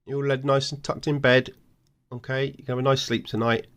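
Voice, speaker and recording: An older man, a grandfather, gently reading a bedtime story to a child. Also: medium pitch, little pitch movement, brisk.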